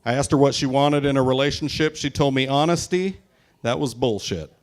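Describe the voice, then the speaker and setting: A stand-up comedian in his forties from Tacoma, Washington, in the US, performs a crude, self-mocking set live at a brewery into a stage mic. His voice is medium-pitched and he talks a little fast.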